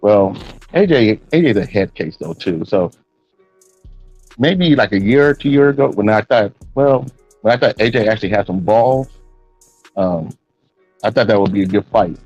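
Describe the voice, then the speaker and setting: A man with a low, husky voice thinking aloud about fights, hesitant and rambling. His mic sounds dull and dry, and faint music plays behind him. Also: animated, moderate pace, pauses often, darkish tone, no echo. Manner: hesitant, rambling, many restarts. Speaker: boxing podcast co-host. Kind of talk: casual fight-talk chat.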